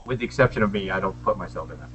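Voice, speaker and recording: A man's voice: low-pitched, very fast, fairly bright tone, highs cut off, soft background music. A man on a panel, chatty and self-deprecating, giving sales tips in a casual video call discussion. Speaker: panelist, small business owner. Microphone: video call webcam.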